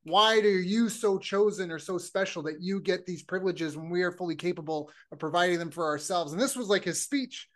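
Canadian male podcast host, high voice, animated storyteller who acts out quotes. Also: fairly quick, hardly any pauses. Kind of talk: casual chat.

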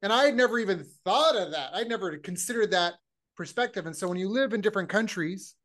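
A man from Canada hosting a podcast, telling stories in a lively way and acting out the voices of people he quotes. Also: sits high, quick pace. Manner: animated storyteller, acts out quoted voices. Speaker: podcast host. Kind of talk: casual chat.

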